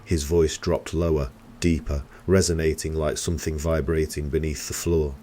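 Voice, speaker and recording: Very deep-voiced male horror narrator. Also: flat delivery, normal speed, hardly any pauses, mellow, a little hiss or hum. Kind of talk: scripted first-person horror narration.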